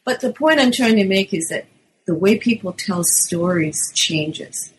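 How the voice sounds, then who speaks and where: A middle-aged woman, a linguist, answering interview questions about her book in a lively explanatory way, sometimes acting out quotes. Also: medium pitch, a little slow, poor audio. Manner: lively, acts out teen quotes. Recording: faint background noise.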